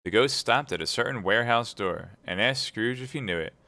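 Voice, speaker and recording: A man reading a classic novel aloud at speedrun pace, brisk and steady. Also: fairly low pitch, dry recording. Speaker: reader.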